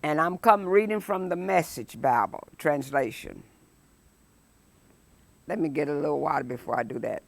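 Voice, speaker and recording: A woman teaching a Sunday school lesson, preaching emphatically and breaking into loud exclamations. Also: low voice, gravelly. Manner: emphatic, rises to shouted exclamations; slow, deliberate phrasing.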